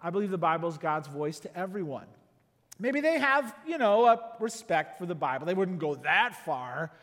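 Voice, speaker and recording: High-voiced man preaching in a big hall. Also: big pitch swings, normal speed, a bit bright. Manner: conversational preaching, rhetorical questions, acts out quoted voices. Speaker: pastor. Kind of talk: sermon.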